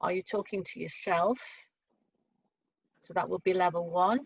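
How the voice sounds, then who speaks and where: A woman's voice: on the low side, fairly even intonation, moderate pace, creaky, slightly rough, no echo. A woman, leading a choir rehearsal over a video call and explaining things step by step with plenty of fillers. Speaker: choir leader. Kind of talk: online choir rehearsal teaching. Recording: dull lo-fi video call audio.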